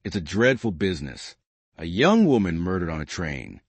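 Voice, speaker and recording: A shrewd, gentle old spinster sleuth, voiced by a man, speaking softly as she probes. The voice sits low yet rises and falls freely. The sound is close and dry. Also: sing-song, moderate pace, husky, no echo, heavily acted. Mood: gently probing. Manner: soft, kindly, probing. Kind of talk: storybook reading.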